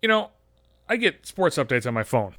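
Male podcast host, angry cursing monologue, stammers when heated, slightly high voice with a very lively pitch. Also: moderate pace. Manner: angry, profane, heated ranting; stammering restarts when worked up. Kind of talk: solo podcast rant.

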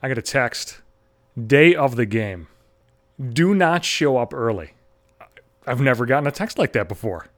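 A man's voice: mid-range voice, measured pace, long pauses. A man in his thirties telling a long self-deprecating anecdote, swearing constantly and acting out the people in it. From Buffalo area, US. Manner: self-deprecating, heavy swearing, animated acted-out quotes. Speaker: stand-up comedian. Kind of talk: profane anecdotal storytelling.

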